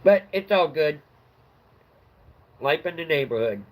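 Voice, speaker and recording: A middle-aged man chats on his livestream, voice sitting a little high for a man. He rambles loosely through an old work story and laughs at his own punchlines. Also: animated, a little slow, low-quality recording. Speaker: livestream host. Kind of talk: casual storytelling chat.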